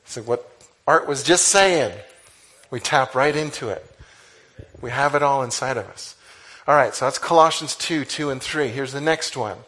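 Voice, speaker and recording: A man preaching a conversational sermon, animated, with sudden exclamations. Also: mid-range voice, moderate pace. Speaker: pastor.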